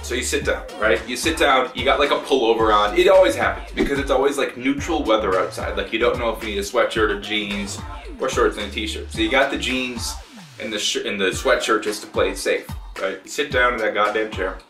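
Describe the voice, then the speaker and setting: A man's voice: fairly low pitch, brisk, fairly bright tone. A man giving a profane, exasperated comedic rant as a gaming video maker, acting out both sides of the story. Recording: roomy echo, distant mic, faint music.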